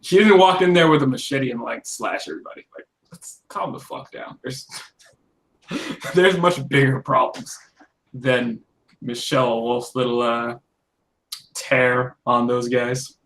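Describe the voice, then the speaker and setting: A man in casual political banter on a podcast, blunt and profane, breaking into short laughs as he rants. His voice sits at an ordinary middle pitch for a man. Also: a little slow, a bit bright. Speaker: podcast co-host.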